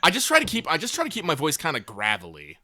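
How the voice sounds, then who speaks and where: A man's voice: a little high, huge pitch swings, fast talker, sharp tone. A man running a tabletop game as game master, casual and self-deprecating.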